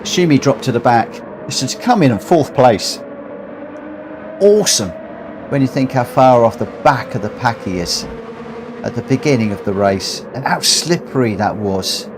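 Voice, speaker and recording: A man streaming a racing game to his viewers, breathless, excited and heartfelt as he reads out the results. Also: medium pitch, normal speed. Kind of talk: live game commentary. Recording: clear background noise.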